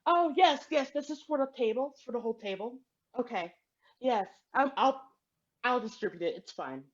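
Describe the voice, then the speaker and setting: A woman's voice: a little high, animated, moderate pace, dull audio. A woman playing a jittery, suspicious Jesus. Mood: flustered. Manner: jittery, defensive, rambling apologies. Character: anxious suspicious Jesus, male, thirties.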